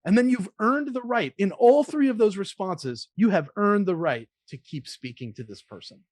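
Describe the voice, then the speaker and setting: An energetic man shares sales advice as an interview guest, now and then acting out lines a caller might say. His voice sits a little high for a man. The sound is dry, with no room echo. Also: normal speed. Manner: energetic, demonstrates call openers.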